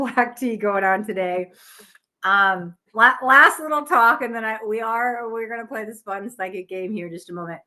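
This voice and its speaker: A woman hosting a live psychic reading stream, chatty and earnest, talking with gentle guidance and frequent restarts while tired. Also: mid-range voice. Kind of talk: casual live-stream chat.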